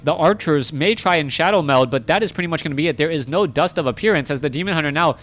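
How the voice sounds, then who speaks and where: A man casts a strategy match on his own, talking through every move in a chatty, self-correcting way. His voice sits fairly high for a man. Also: fast, soft background music. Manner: chatty, self-correcting, rising excitement in big moments. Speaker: esports caster. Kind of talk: solo play-by-play game commentary.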